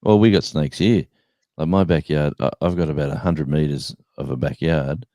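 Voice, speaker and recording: A man's voice: extremely low pitch, normal speed, dark tone, no echo. A man with an Australian accent telling rambling stories in a casual live-stream chat, with plenty of fillers. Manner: rambling storyteller, many fillers.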